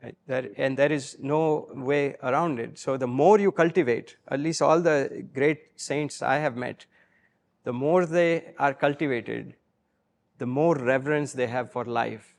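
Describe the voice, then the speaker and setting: A man's voice: medium pitch, measured pace, vocal fry. A man telling stories to a live audience, acting out the quotes he retells, with frequent fillers. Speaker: guest speaker. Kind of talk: storytelling talk to a live audience.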